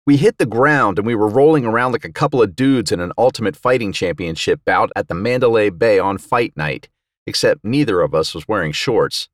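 A man narrating an audiobook in the first person, wry and sardonic, with loud outbursts and muttered asides. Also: fairly low pitch, fairly quick, no echo, studio quality.

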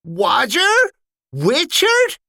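A shrill, pedantic old soldier. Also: male voice, wildly swooping pitch, slow pace, pushed and bright, dry recording, studio quality, heavily acted. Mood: brusque. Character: sharp, pedantic elderly male soldier.

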